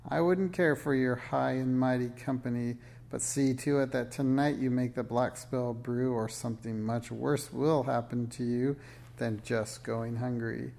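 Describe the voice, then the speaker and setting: A man's voice: fairly even intonation, unhurried, creaky, a little mellow. A man voicing a cruel old witch woman who screeches and snarls threats in a storybook reading. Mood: snarling. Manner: shrill, snarling and menacing.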